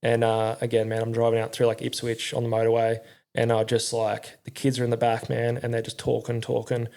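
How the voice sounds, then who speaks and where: A man's voice: medium pitch, completely flat delivery, brisk, vocal fry, darkish tone. A middle-aged Australian man telling his story in a candid, rambling way, swearing often and using slang. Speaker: podcast guest, former army crew commander.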